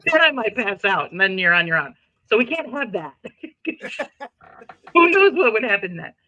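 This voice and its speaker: A woman's voice: medium pitch, big pitch swings, moderate pace, pushed and bright, muffled recording. A woman co-hosting a casual sports talk show, giggling through her words. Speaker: co-host.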